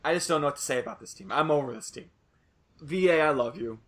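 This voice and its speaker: A man's voice: on the high side, fast talker. A young man hosting a casual sports podcast, rambling loosely and swearing now and then. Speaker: podcast host.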